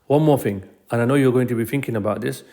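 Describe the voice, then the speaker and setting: Male teacher, mid-pitched, calm step-by-step explainer for a recorded grammar lesson. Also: fast, vocal fry. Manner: patient, explanatory, repeats key phrases.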